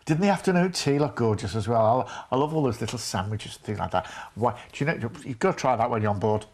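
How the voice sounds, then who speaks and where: A man presenting a live TV sales pitch, gushing and repeating prices and phone numbers. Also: animated, fast, darkish tone. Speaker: TV shopping presenter.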